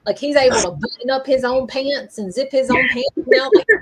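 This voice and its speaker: A woman talks through a live-streamed reading. Her voice sits a little high, and she rambles, hesitates and fills gaps as she goes. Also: normal speed, slightly rough, low-quality recording. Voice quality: chatty, rambling, hesitant with fillers. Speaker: psychic medium host. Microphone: streaming mic.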